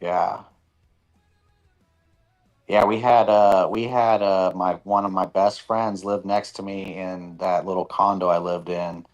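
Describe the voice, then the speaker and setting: Brief: man, very low voice, casual profane chat, animated storyteller. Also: slow, lo-fi sound, soft background music. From Nevada, USA.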